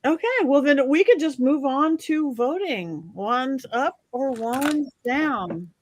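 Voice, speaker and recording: A woman hosting a casual live stream, briskly moving the panel along to the vote. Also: sits high, animated, a little hiss or hum. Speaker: host.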